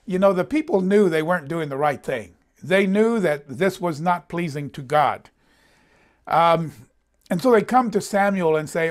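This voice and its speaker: A man's voice: high voice, expressive, normal speed. A man teaching a sermon, reading scripture aloud and commenting on it, voicing the quoted lines with emphasis. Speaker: Bible teacher. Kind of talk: conversational sermon. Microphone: presenting in front of a board.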